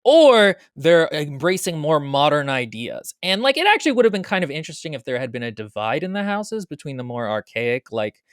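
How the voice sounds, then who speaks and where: A podcast co-host giving opinionated takes in a casual book review, pitch swinging up and down a lot. The sound is dry and close with no room echo. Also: very animated. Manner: opinionated, quick to correct and joke.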